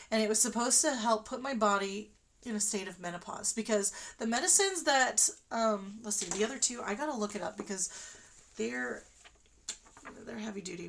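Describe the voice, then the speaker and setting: A woman with a medium-pitched, gravelly and slightly bright voice tells her own story on a livestream. She's chatty and rambling, full of fillers and restarts, in a casual personal storytelling mode.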